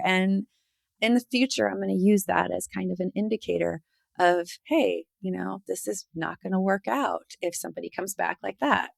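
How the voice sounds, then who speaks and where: Woman host, 30s to 40s, mid-pitched gravelly voice, dry close mic, warm affirming chat. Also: normal speed, dry recording. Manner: affirming, animated when retelling exchanges. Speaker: podcast host. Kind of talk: casual podcast conversation.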